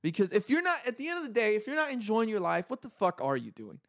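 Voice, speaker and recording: A man's voice: sits high, wildly swooping pitch, fast talker, a bit bright, dry recording, studio quality. A young man with a Californian accent, talking in a solo comedic rant, swearing freely and laughing often. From Southern California. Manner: profane, laughs often, acts out quoted voices. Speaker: podcast host.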